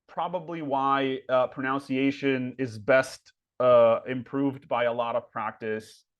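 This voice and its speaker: A man's voice: medium pitch, muffled recording. Chatty man teaching pronunciation. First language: Spanish. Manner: chatty, many fillers, slows down to model words. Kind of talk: casual webinar teaching.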